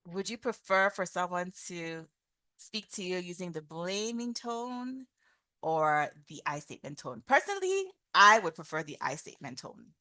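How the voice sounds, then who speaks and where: A woman's voice: lowish voice, very animated, moderate pace, sharp tone, no room sound, clean studio sound. A woman hosting a live talk on communication, teaching in a casual way, improvising examples aloud and repeating her questions. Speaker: host and communication coach.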